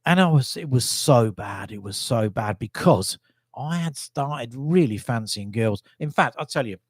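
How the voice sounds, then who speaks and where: Middle-aged English man, mid-pitched voice, dry close sound, rambling self-mocking vlogger. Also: animated, unhurried, no echo. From England. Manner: rambling, self-deprecating, chuckling asides. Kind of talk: casual storytelling monologue.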